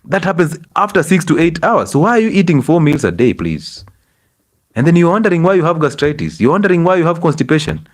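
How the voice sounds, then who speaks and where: A middle-aged man with a Kenyan English accent, a doctor giving a lively health lecture to an audience and scolding them with rhetorical questions. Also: fairly high pitch, quick pace.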